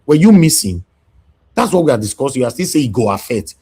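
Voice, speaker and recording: A man's voice: medium pitch, big pitch swings, fast talker, a little mellow, breathy edge. A man with a Nigerian accent hosting a heated discussion, talking in an angry, emphatic rant. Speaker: show host.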